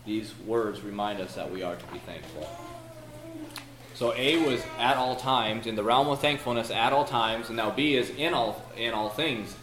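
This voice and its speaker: A man's voice: medium pitch, moderate pace, a bit bright, slight background noise. Folksy preacher man in an echoey room. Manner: folksy, storytelling delivery with prayers and verses. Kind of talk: sermon.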